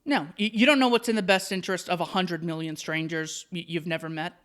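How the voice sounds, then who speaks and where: A man's voice: high-pitched, fairly even intonation, fairly quick, a bit bright, smooth. A man hosting solo commentary, reading out an article and answering it with sarcastic, mocking asides. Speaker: commentary host.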